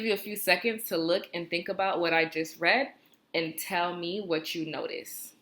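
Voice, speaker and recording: Bright-voiced woman teaching young children. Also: lowish voice. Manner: slow, clear, encouraging teacher talk with drawn-out repeat-after-me phrases. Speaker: first grade teacher. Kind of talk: recorded video lesson for young children.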